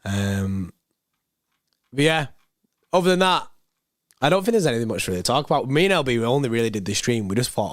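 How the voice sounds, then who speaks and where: Young man, hoarse, laid-back rambling, dry close mic. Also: mid-range voice, lively intonation, brisk, pauses often, dry recording. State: hoarse, voice going. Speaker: football channel host reading live chat. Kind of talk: casual live-stream chat.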